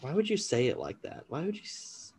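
A man's voice: mid-range voice, huge pitch swings, brisk, darkish tone, slightly rough. A man co-hosting a casual podcast, guessing films and rambling with self-deprecating laughs. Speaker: podcast co-host guessing movies. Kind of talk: casual chat.

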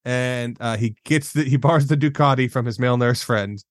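A man's voice: medium pitch, no room sound, clean studio sound. A man co-hosting a podcast, bantering wryly in casual chat about a film. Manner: wry, quick banter. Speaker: podcast co-host.

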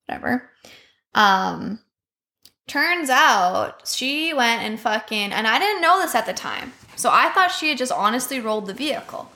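A woman's voice: a little high, big pitch swings, unhurried, sharp tone. A woman, a podcast guest telling a personal story in a candid, profane way, full of filler words. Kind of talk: casual storytelling.

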